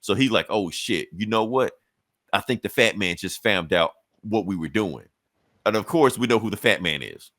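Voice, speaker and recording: A man casually recapping a comic story on a podcast, swearing freely and acting out the characters' lines in quick bursts. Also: fairly low pitch, expressive, fairly bright tone, no room sound. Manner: loose, profane storytelling with quick acted-out quotes. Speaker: comic book podcast host.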